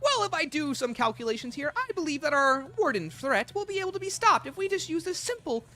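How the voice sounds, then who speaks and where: A man's voice: very high-pitched, sing-song, brisk, sharp tone, faint music behind, pitched above the performer's own voice, exaggerated voice. A man with a sick voice imitating a pompous male scientist character who lectures in a lofty tone.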